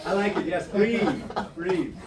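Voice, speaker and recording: A man's voice: sits high, unhurried. A man with an Irish accent from Ireland, leading a real estate team meeting in an office with playful, sarcastic teasing. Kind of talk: motivational team meeting talk. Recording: echoey room from far off, noisy.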